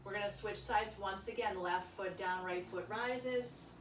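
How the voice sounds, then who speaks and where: A woman guides a yoga session in a calm, soft-spoken way, cueing each breath and stretch. Her voice sits at an ordinary middle pitch. The sound is roomy and echoing, picked up from some distance with faint background hiss. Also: measured pace. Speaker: yoga instructor. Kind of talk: guided yoga class instruction. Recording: echoey room, voice from a distance.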